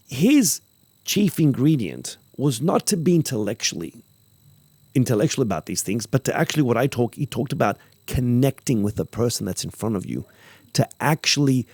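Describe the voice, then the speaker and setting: A man hosting a podcast, talking casually about acting craft, animated and repeating phrases for emphasis while acting out example lines. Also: medium pitch, breathy edge, no room sound. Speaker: podcast host, acting teacher.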